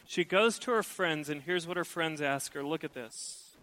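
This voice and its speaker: A middle-aged man preaching a sermon, lively and acting out the voices he quotes. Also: on the high side, normal speed, rough recording. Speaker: pastor.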